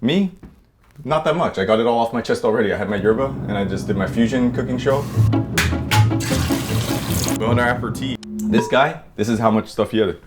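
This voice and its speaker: A man's voice: mid-range voice, moderate pace, pauses often, over music. A man giving a casual drawing demonstration, rambling irreverently, swearing freely and bantering with himself as he works. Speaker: artist teaching a drawing demo.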